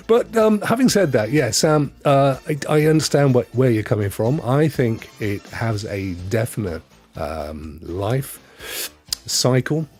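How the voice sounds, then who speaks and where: A man's voice: mid-range voice, animated, unhurried, darkish tone, faint music behind. A man hosting a gaming show alone, chatting in a rambling, chuckling way to his live-stream audience. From United Kingdom. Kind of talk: solo live-stream chat. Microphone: headset.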